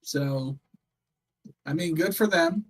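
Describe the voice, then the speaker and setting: A co-host in a laid-back wrestling chat speaks slowly in a voice a bit higher than most. Chatty and rambling, he drifts from thought to thought, leaning on a steady stream of fillers.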